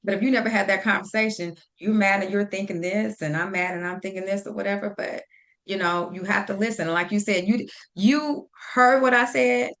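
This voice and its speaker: A woman guest on a faith talk show who speaks directly and acts out her pep talks with a friend in an animated way. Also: medium pitch, quick pace. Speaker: podcast guest.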